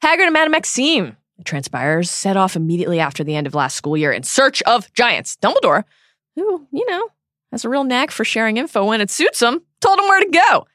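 A woman co-hosting a podcast, recapping a book chapter with wry, animated asides. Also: a little high, fairly quick, no echo, studio quality. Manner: wry, animated retelling with laughs. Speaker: podcast co-host. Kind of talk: casual book-discussion recap.

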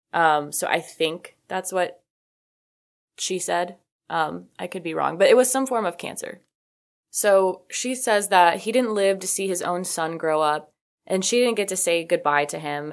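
Woman vlogger, casual storytelling, lowish pitch, filler-heavy, swears casually, corrects herself mid-thought. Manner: chatty, frequent "like" fillers, casual swearing, self-correcting asides. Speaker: video host.

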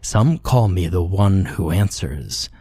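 A man voicing an ancient tree-like fae troll who speaks low and unhurried, as if he has all the time in the world. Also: expressive, mellow, no echo, heavily acted. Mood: amused menace. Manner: slow, low, creaking.

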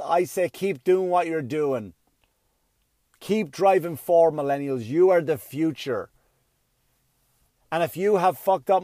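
Middle-aged guy yelling thru his own comedy podcast, swears a lot, kinda high voice, dead dry mic. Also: no room sound. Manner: loud, profane, ranting. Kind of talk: solo comedic podcast rant.

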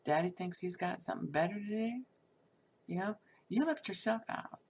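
A woman's voice: on the low side, moderate pace, a little hiss or hum. A middle-aged woman telling a personal story candidly and bluntly, swearing freely.

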